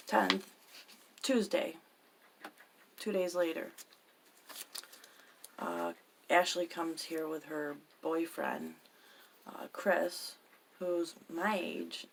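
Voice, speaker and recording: A woman's voice: sits low, gravelly, a little hiss or hum. A woman telling a personal story in an agitated, profane way, often dropping her voice to a whisper. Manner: agitated, swears constantly, drops into whispers.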